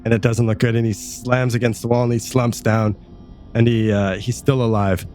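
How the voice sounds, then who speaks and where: A man's voice: mid-range voice, flat delivery, moderate pace, a little mellow, a little hiss or hum. A man narrating a tabletop game as game master, casual and vivid. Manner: casual, vivid, laughing often.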